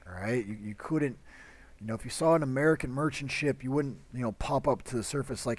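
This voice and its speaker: A man's voice: medium pitch, fairly quick. A young man lecturing on history in an easy, conversational voice. He talks off the cuff with plenty of fillers and restarts, slipping into short acted-out quotes to make his points. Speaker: history teacher. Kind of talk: casual classroom lecture.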